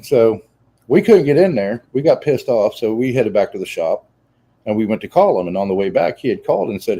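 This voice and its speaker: Mellow-voiced man in his forties spinning an anecdote. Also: medium pitch, brisk, slightly rough, poor audio. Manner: animated anecdote teller. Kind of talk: casual chat.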